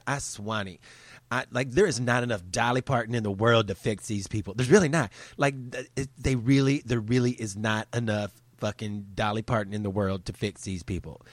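A man's voice: medium pitch, moderate pace, dry recording. Profane man ranting. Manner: profane, heated, sarcastic. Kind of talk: angry ranting monologue.

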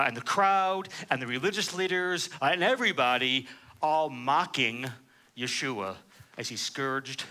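A man's voice: medium pitch, bright, forceful tone. A man preaching a sermon, reading scripture aloud and explaining it verse by verse, with frequent "uh" fillers. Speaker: pastor.

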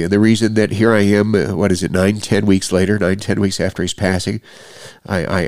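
A middle-aged man with a deep, low voice talks straight into a close microphone for his own podcast. His delivery is earnest and halting, often stopping to restart a phrase. The sound is dry, with no room around it. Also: steady tone, a little mellow, no room sound. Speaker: podcast host. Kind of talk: personal podcast monologue.

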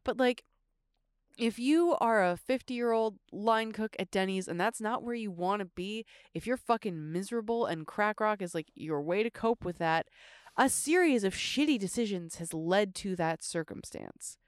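A woman's voice: medium pitch, lively intonation, normal speed, clear, resonant tone, no room sound, studio quality. A woman co-hosting a podcast, reasoning aloud with many fillers in a casual debate. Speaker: podcast co-host.

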